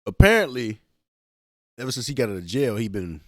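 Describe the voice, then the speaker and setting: Man, aave, casual podcast chat, animated storyteller, dry close mic. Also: mid-range voice, a little fast, no room sound. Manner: storytelling, animated, repeats and restarts words. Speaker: podcast co-host.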